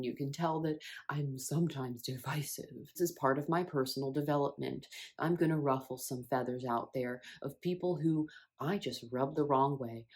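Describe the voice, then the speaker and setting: A low-pitched woman talking through inner healing in an earnest, reflective monologue. Her tone jumps upward sharply when she stresses a point, then settles back down. She sounds sincere and personal. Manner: earnest and expressive, with sudden rises in emphasis. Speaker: spiritual wellness creator. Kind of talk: reflective self-help monologue.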